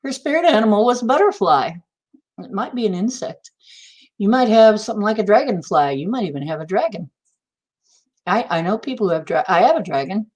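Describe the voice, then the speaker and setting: A middle-aged woman hosts a casual spiritual livestream, speaking fairly quickly at medium pitch with big pitch swings and a darkish tone. She rambles through stories and answers questions from chat viewers.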